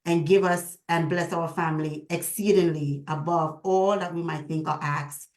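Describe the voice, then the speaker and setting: A woman with a slightly low voice hosts a video call and speaks in a heartfelt, prayerful way. She sounds emotional, and her words carry a roomy echo. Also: normal speed. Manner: prayerful and emotional, with lively retold dialogue. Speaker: host.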